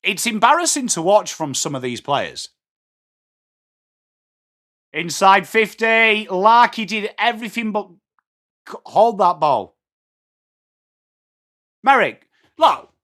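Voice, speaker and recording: Excitable English man calling footy live. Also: high-pitched. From England. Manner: excitable, blunt, swears, banters with chat. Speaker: watchalong streamer. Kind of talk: live football reaction commentary.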